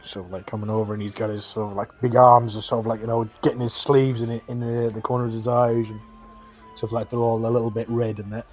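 A man's voice: mid-range voice, flat delivery, fast talker, a little mellow, soft background music. A man narrating a tabletop fantasy game as game master, rambling and full of fillers.

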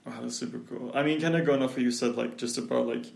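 A young man with a gravelly, creaky voice chats easily, peppering his talk with "like". The sound is roomy and echoey. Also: medium pitch, fairly even intonation, quick pace, darkish tone. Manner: chatty, heavy use of "like". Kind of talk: casual chat.

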